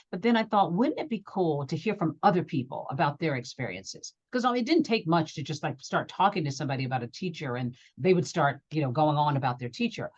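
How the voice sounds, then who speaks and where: A middle-aged woman from Georgia, a journalist talking as an interview guest, telling stories in an animated way and acting out what people said. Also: low-pitched, lo-fi sound. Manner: animated storyteller, acts out quotes. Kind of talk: interview conversation.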